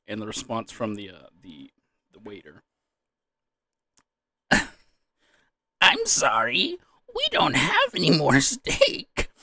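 A man chats casually to camera and keeps dissolving into giggles. His voice sits at an ordinary middle pitch and sounds dry-mouthed. The recording is close to the microphone with no room sound. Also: a little mellow, no room sound. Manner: giggly, repeatedly losing composure in a laughing fit. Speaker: gaming video creator. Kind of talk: casual solo vlog talk.

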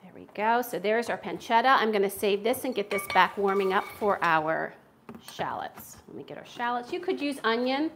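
A woman's voice: medium pitch, lively intonation, moderate pace, background noise. Chatty american woman cooking at home. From United States. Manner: chatty and self-deprecating, talking while she cooks. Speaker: cooking livestream host. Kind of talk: casual cooking livestream chat. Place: home kitchen.

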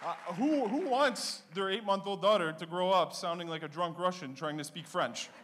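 A man, doing a stand-up comedy set with punchy, animated storytelling. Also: high voice, moderate pace, a crowd in the background, background noise. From Canada (Ontario).

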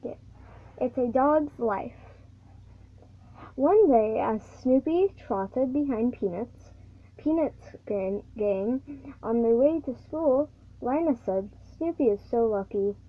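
A female reader reading a picture book aloud, halting and stumbling over words as she goes. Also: fairly high pitch, expressive. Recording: tinny phone-like recording.

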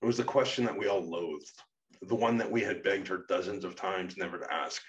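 A man reading his own memoir aloud in a measured, serious way. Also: low-pitched, far from the mic, highs cut off. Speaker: narrator and author. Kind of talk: memoir narration.

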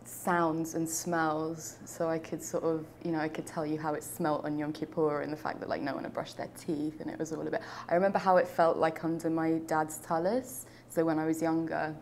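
A woman's voice: low-pitched, level tone, moderate pace, hardly any pauses, darkish tone, a little hiss or hum. A young woman from London, talking reflectively in an oral history interview, with frequent fillers and restarts. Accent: London English. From United Kingdom.

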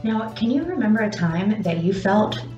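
A woman teaching young children about feelings, speaking slowly and encouragingly and pausing for their answers. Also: medium pitch, very animated, warm tone. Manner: slow, encouraging, pauses for answers. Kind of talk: gentle lesson for young children. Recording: dull roomy sound with faint music.

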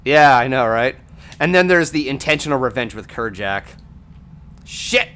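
A man streaming a video game, chatting casually with friends and swearing loudly at every setback. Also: medium pitch, animated, moderate pace, slight background noise. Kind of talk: casual gameplay chat.

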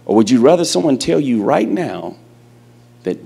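A man preaching a sermon, emphatic and animated, calling out questions to his congregation. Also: medium pitch, moderate pace, creaky, long pauses, breathy edge. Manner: animated storytelling.

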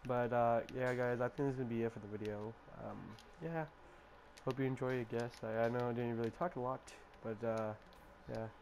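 A man's voice: level tone, darkish tone. Young man vlogging casually, noisy background. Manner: low-key, halting, with many fillers. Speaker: gaming vlogger. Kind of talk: casual vlog chat. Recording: clear background noise.

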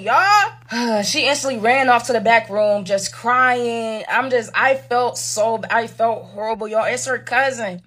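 A woman's voice: on the high side, moderate pace, hardly any pauses, pushed and bright, breathy edge. A woman reading a dramatic story aloud, full of slang and asides to the viewers.

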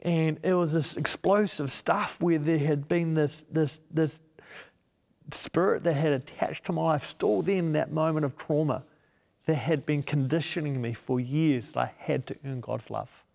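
Earnest guy telling his testimony, kinda gravelly, echoey hall sound. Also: on the high side, measured pace, a little mellow. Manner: earnest storytelling, acting out his own inner voices. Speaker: guest, media missionary. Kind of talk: personal testimony in a sit-down interview.

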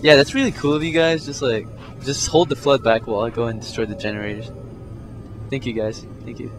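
A young man doing let's play commentary, swearing a lot and swinging from low mutters to panicked yelps. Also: steady tone, a little fast. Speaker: gameplay commentator. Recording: game music under the voice. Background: game music.

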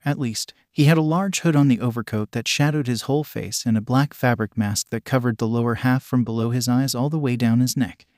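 A man narrating a fan fiction story in a steady storytelling manner. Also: medium pitch, dry recording, studio quality.

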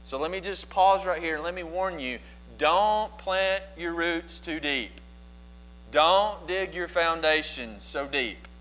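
Animated preaching man, faint mains hum. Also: fairly high pitch, slow pace, rough recording. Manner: animated storytelling, voices biblical figures in asides. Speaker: pastor. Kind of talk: sermon.

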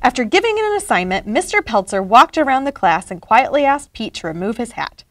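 Animated woman reading a picture book. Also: fairly high pitch, brisk, dry recording. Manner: expressive, animated. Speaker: story reader.

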